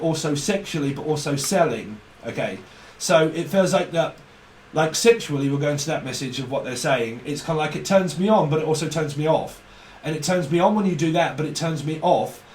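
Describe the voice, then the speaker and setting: Guy doing a tarot reading, kinda high voice, swears a lot, sounds far from the mic in an echoey room. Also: lively intonation, moderate pace, darkish tone, slight background noise. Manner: rambling, profane, laughs often. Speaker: tarot reader. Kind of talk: rambling tarot reading monologue.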